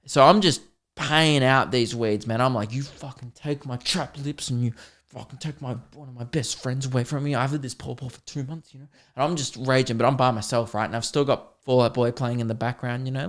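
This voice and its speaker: A man hosts a podcast and spins a comedic story. He talks in an animated, swearing, mock-dramatic way. His voice sits at a middle pitch. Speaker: podcast host.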